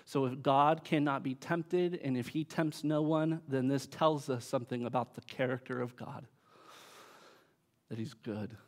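A man's voice: mid-range voice, unhurried. A man preaching a sermon, emphatic, with his force rising and falling. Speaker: pastor.

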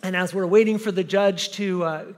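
A man with a high voice preaches in a church, and his words trail off into a long reverb. He is an animated storyteller who breaks into the voices of the people in his anecdotes. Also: normal speed. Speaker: pastor. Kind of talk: sermon with personal story. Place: church sanctuary.

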